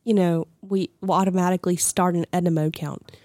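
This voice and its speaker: A woman's voice: lowish voice, steady tone, brisk, a little mellow, no room sound. A young adult woman co-hosting a podcast in casual chat, laughing often and restarting sentences as she talks. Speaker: podcast co-host.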